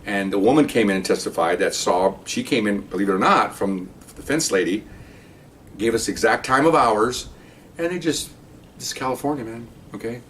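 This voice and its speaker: A man's voice: expressive, normal speed, a bit bright. An older man, a retired police officer, telling a story in a rambling, casual way and often adding "okay?". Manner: rambling, tags remarks with "okay?". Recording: distant mic, faint rumble.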